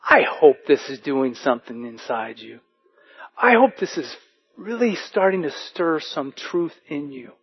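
Guy pastor giving a sermon, kinda high voice, dull muffled recording. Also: unhurried, husky, faint music behind. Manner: animated storytelling with scripture readings.

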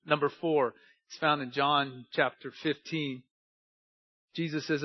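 Preacher, male, earnest sermon, fairly high voice, dry dull lo-fi sound. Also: fairly even intonation, a little slow, pauses often, husky, no room sound. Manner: earnest, swings from hushed to emphatic.

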